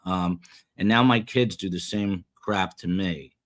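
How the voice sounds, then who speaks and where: Low-voiced and a little slow, this middle-aged live-stream host reads out chat comments in a rambling, self-deprecating way, leaning on lots of fillers.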